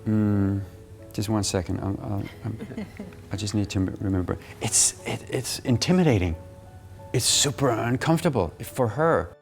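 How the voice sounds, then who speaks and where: A man teaching a public speaking workshop, animated and laughing often. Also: fairly low pitch, normal speed, vocal fry, faint music behind. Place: workshop room.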